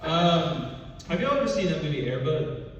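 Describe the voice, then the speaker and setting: A man performing a stand-up comedy set, telling a story in a deadpan way and dropping low and quiet for punchlines. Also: moderate pace, very echoey, in a large hall, distant mic, lo-fi sound, a crowd in the background. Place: comedy club stage.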